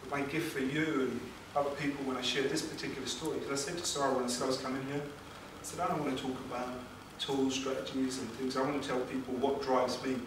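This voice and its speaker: A man tells an emotional personal story to a seminar audience, pausing for effect and putting questions to the room. His voice sits at an ordinary pitch and is picked up from a distance. The room is very echoey, with clear background noise. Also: flat delivery. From England. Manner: emotional, dramatic pauses, rhetorical questions to audience. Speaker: motivational speaker.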